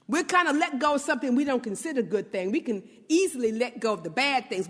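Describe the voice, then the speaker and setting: High, lively woman preaching a sermon. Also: fast talker, hardly any pauses, in a large hall. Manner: animated, fond of rhetorical questions.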